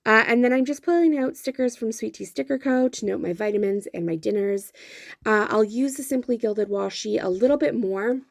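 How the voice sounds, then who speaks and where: Gravelly-voiced woman narrating her planner. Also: on the high side, a little fast, dry recording, clean studio sound. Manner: chatty, many fillers and self-corrections. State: has the hiccups. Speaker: planner vlogger. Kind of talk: voice-over narration of a planner spread.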